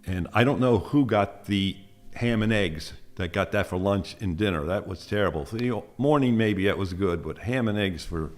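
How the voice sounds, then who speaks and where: A man's voice: on the low side, moderate pace. A man in his seventies from the United States, a Vietnam veteran telling his war stories in a plainspoken, casual way. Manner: plainspoken, animated when recounting confrontations. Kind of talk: casual first-person storytelling.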